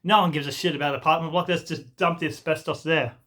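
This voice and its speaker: A man's voice: on the high side, steady tone, fast, bright, forceful tone. A young man telling an exasperated, rambling story as a vlogger, swearing freely and mocking people in put-on voices. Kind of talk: ranting storytime monologue.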